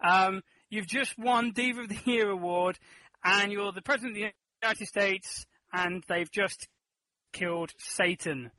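Upbeat male improv host, high and bright voice, dry close sound. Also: dry recording, low-quality recording. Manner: upbeat, quick to laugh, game-show style prompting. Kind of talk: casual comedy podcast chat.

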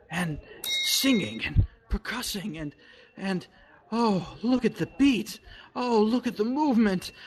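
A manic, stammering rambler, hammed up by a man on a call, lurches between hushed whispers and sudden cries. His voice sits a little high. It comes over a phone or headset.

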